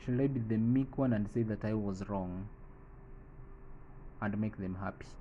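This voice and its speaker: A man narrating his football management game, thinking aloud through decisions and breaking into excited play-by-play calls at goals. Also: fairly low pitch, moderate pace, highs cut off, a little hiss or hum. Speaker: gaming channel host.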